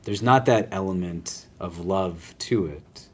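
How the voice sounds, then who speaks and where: Male imam, lowish voice, relaxed teaching talk, keeps checking in with the room, self-mocking jokes. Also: slow pace, slightly rough. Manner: conversational, often checks in with "right?" and "does that make sense?"; self-deprecating humor. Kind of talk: casual religious lecture. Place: lecture room at a university Islamic center.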